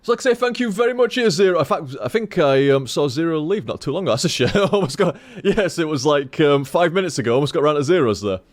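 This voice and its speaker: A man's voice: fairly high pitch, fast, few pauses, dry recording. A man streaming a game, rambling casually to his chat, with lots of swearing. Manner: rambling, heavy swearing, animated.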